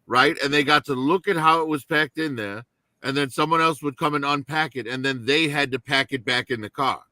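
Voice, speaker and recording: Male co-host, bright voice, conversational storyteller who checks in with "right?". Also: a little high, brisk, no echo. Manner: storytelling with frequent "right?" tags. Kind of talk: casual chat.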